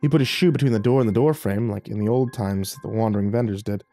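A man narrating a first-person horror story, tense and hushed, rising with the scary parts. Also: on the low side, quick pace, faint music behind.

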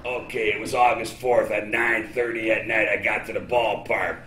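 An older man telling rambling, profane, boastful stories as an interviewee, sometimes breaking into shouting. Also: lowish voice, flat delivery, moderate pace, a little hiss or hum. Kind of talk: rambling storytelling. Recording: echoey with loud music.

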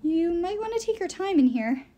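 A woman's voice: very high voice, sing-song, normal speed, mellow, voice pushed up. A woman voicing a nervous young female servant who talks in a jittery, eager-to-please way.

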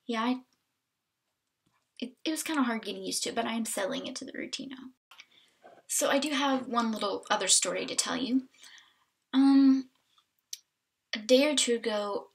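A woman's voice: fairly high pitch, vocal fry. A woman chatting casually in a vlog, telling stories with lots of fillers while filming at home and on a walk. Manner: chatty, animated storytelling with fillers. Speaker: vlogger on an exchange stay. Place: home indoors and walking outdoors. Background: wind noise outdoors.

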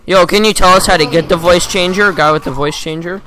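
A man chatting casually with online players during a game, excitable and laughing a lot, shouting at the other players. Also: high voice, fairly quick. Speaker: gamer recording his match. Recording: noisy game capture with background noise.

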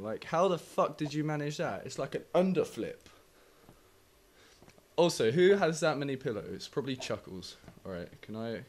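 Playing a horror game in his home flat, a young gaming YouTuber curses, jumps and fires off wisecracks as he narrates his let's play. He speaks at a medium pitch with a fairly bright tone.

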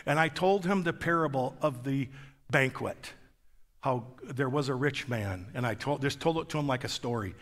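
A man's voice: medium pitch, normal speed, fairly bright tone, big-room sound. A man preaching as a guest pastor, telling a story in an emphatic, conversational way on a church stage. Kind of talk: sermon.

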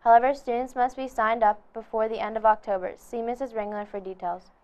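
Clear-voiced teen girl announcer. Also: on the high side, steady tone, brisk, a little mellow, low-quality recording. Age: teens. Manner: reads plainly from a script, slight slips. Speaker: student announcer. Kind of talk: reading school announcements.

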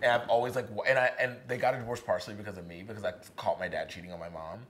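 A young man from Virginia rattles along at a rapid clip, filling his sentences with "like" and slipping into the voices of people he quotes. His delivery is casual and animated, a guest talking onstage. A faint hiss of noise sits under the recording. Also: fairly low pitch. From Virginia, USA. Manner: fast, animated, heavy use of "like", acts out quoted voices. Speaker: playwright, interview guest. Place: historic barn, live event.

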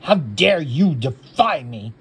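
A woman voicing a loud, bossy boy genius. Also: medium pitch, big pitch swings, slow pace, slight background noise, full character voice. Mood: angry scolding. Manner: loud, scolding demands.

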